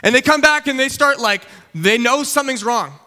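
A young man preaching a casual teaching sermon, animated and conversational, often checking in with his listeners. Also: very high-pitched, normal speed.

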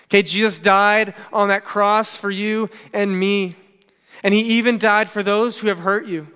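A man's voice: high voice, steady tone, measured pace, bright, forceful tone, clean tone, big-room sound. A man preaching a sermon in an earnest manner, retelling scripture in his own casual words with frequent "okay" asides. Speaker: pastor.

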